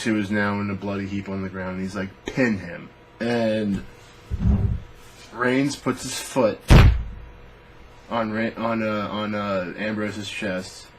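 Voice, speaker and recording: A man's voice: fairly low pitch, slight background noise, low-quality recording. Profane rambling man on a rant. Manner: rambling, profane, animated storytelling. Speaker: podcast host. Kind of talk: casual rant on fantasy booking.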